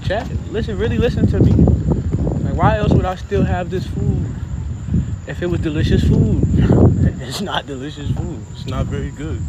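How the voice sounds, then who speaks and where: A man rambling and joking crudely to his live viewers while walking along a road and eating. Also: high voice. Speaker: livestreamer. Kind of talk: casual rambling live stream. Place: outdoors on a road. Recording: loud outdoor street noise with traffic and insects.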